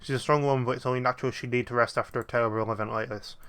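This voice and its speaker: A man's voice: medium pitch, fairly even intonation, very fast, a bit bright, smooth, close to an everyday voice. A man reading as a deferential butler. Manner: formal, servile. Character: deferential old male butler.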